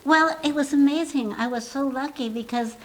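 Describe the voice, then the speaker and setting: An older woman from the US East Coast with a little squeaky voice, telling animated stories as a guest in a casual interview. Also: moderate pace, low-quality recording. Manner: animated storyteller, laughs often. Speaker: guest actress.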